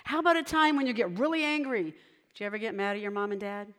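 A woman leading a children's sermon, gently asking the children questions and talking to them directly. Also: mid-range voice, fairly even intonation, quick pace. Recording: long hall reverb.

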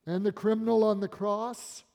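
High-voiced preacher in a reverberant hall. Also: male voice, level tone, moderate pace, vocal fry. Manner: preaching with emphatic rises and quiet drops. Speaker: pastor. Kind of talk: sermon.

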